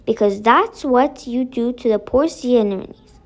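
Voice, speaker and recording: A woman's voice: on the high side, normal speed, close to an everyday voice. A woman doing a stern punishing fairy. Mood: firm. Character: stern, plain-faced fairy woman who punishes wrongdoing.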